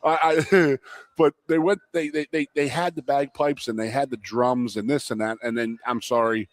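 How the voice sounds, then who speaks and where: Philly guy co-hosting a live talk show, telling stories all animated, laughs a lot, dry close mic. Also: medium pitch, normal speed, dry recording. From Philadelphia area, USA. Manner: animated storyteller, laughing easily. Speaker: co-host. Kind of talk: casual sports talk show chat. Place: restaurant.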